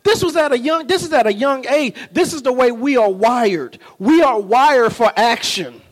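High-voiced preacher man in a reverberant hall. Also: moderate pace. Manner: animated, keeps asking the congregation if they follow; humorous storytelling with laughs. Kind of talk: sermon. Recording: long reverb of a large hall.

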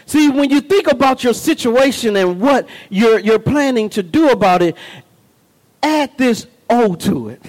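High-voiced man preaching emphatically. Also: expressive, measured pace, big-room sound, rough recording. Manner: emphatic, repetitive, building to shouts. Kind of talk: sermon.

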